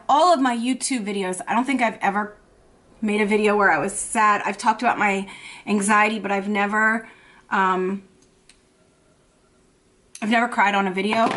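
A woman in her thirties, a mother talking to camera in an emotional personal vlog, anxious and tearful, halting and repeating herself with many fillers. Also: mid-range voice, fairly bright tone. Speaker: vlogger and mother.

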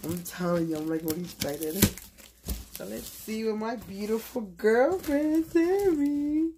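A woman vlogging casually from her bed, gushing and excitable as she opens a gift box, with lots of fillers. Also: a little high, measured pace, noisy background. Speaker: YouTube vlogger. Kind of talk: casual unboxing vlog.

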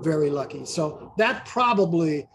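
A man's voice: on the high side, animated, unhurried, a crowd in the background. An older man talking as a guest in a casual interview, rambling and repeating words as he tells stories.

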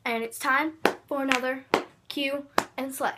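A woman doing an impression of an upbeat young male video host, with a bouncy high greeting. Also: steady tone, measured pace, very noisy. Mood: chirpy.

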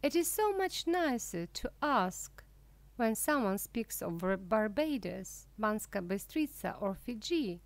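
Woman, audiobook reader, slow careful reading, expressive rising and falling tone, dry close sound. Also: a little high, no echo. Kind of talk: slow scripted reading for language learners.

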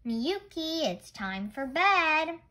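A woman voicing a patient, weary old grandfather who gently coaxes a child to bed. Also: mid-range voice, sing-song, slow pace, husky, heavily acted, low-quality recording. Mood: coaxing. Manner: coaxing, repeating gently.

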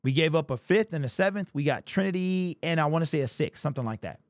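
A man's voice: fairly high pitch, lively intonation, fast talker, dry recording, studio quality. A man hosting a fan commentary channel, talking in an amped, emphatic way and repeating his points. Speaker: sports channel host.

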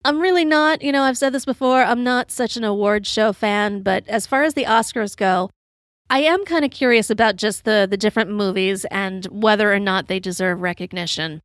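A woman's voice: medium pitch, normal speed, no room sound. Lady podcaster, a little tipsy, rambly and chatty, dry close sound. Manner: chatty, rambling, many "you know" fillers, laughs at own story. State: tipsy from drinking. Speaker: podcast host. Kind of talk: casual storytelling monologue.

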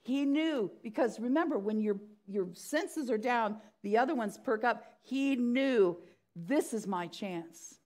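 A woman's voice: on the high side, measured pace, hardly any pauses, darkish tone. A middle-aged woman pastor preaching a sermon, acting out the story's voices with animation.

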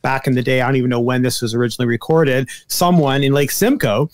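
A man's voice: medium pitch, fairly even intonation, fast talker. A man from Canada, a guest and former producer, chatting in a rambling, self-deprecating way. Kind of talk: casual chat.

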